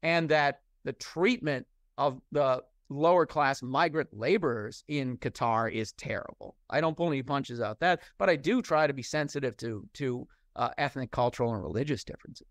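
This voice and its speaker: A man's voice: medium pitch, moderate pace, hardly any pauses, fairly bright tone, no echo, studio quality. A middle-aged man from the United States, a professor answering interview questions in a discursive, candid way and often restarting his sentences.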